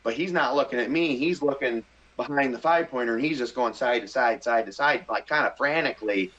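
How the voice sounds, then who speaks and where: This middle-aged man, a podcast guest, recounts a story in relaxed chat, getting excitable and animated as he voices his own thoughts. His pitch is medium, he speaks a little fast, and the recording is lo-fi.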